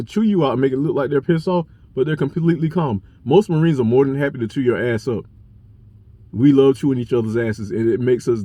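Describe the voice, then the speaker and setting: A young man vlogging, telling a personal story to camera in a blunt, profane, animated way. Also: medium pitch, no room sound. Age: young adult.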